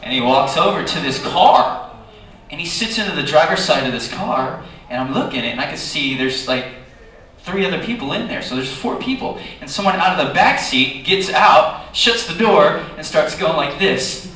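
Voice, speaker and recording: An animated male panel guest tells a chatty story to an audience, his voice bright and forceful, swooping up and down in pitch. The recording is distant and very echoey, caught from the crowd in a large hall with faint ambience behind. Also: moderate pace, slight background noise. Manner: animated, chatty, with many fillers and lively jumps in pitch. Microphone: recorded from the audience, far from the speaker.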